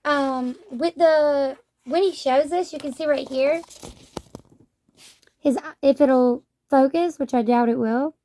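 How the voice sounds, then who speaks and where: A woman's voice: sits high, slow, warm tone. A young adult woman talking casually as she reviews a manga, chatty and rambling, with lots of "like".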